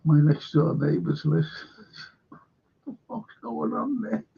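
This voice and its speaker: Gravelly, husky man ranting on a stream. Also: fairly high pitch, animated, slow pace. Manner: profane, rambling, reads viewer comments aloud. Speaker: livestream host. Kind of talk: casual fan livestream chat. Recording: dull lo-fi stream audio.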